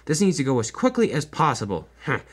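A man's voice: medium pitch, huge pitch swings, fast, slightly rough. A man voicing a bossy railway controller who talks brusquely and impatiently. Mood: stern.

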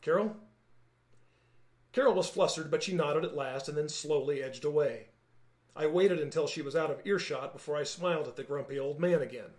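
A man, the author, reading his own novel aloud in calm, measured first-person narration. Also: fairly high pitch, reverberant. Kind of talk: audiobook-style narration.

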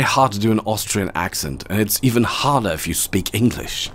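A man's voice: on the low side, lively intonation, normal speed, hardly any pauses, a bit bright, slight background noise. A man giving casual, wry, sarcastic commentary while playing a video game. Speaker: gaming commentator.

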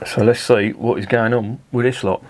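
A middle-aged man, chatting casually through a beer review. He rambles off topic and swears freely. His voice sits at an ordinary middle pitch. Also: fairly even intonation, moderate pace, darkish tone, a little hiss or hum.

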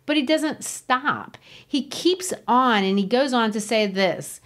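A woman's voice: a little high, expressive, slow, hardly any pauses, fairly bright tone. A woman hosting a podcast, explaining a novel in an earnest, emphatic way. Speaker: podcast host. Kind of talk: literature discussion.

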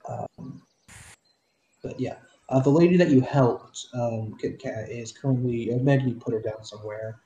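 A man's voice: medium pitch, normal speed, mellow, muffled recording, slight background noise. Brief: male game master, casual narration, roomy sound. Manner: descriptive, with fillers.

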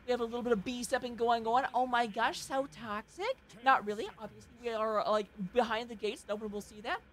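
A woman calls an amateur esports match at a rapid clip, her voice sitting a little high. She talks in a chatty, excitable way and drops joking asides between the plays. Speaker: esports caster. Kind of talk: play-by-play game commentary.

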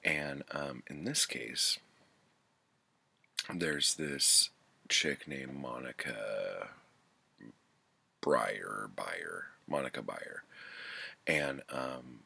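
Very deep, gravelly man chatting about books. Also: very slow, pauses often, sharp tone. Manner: loose and chatty, full of "like" and "um", swears freely. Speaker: book reviewer. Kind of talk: casual book review.

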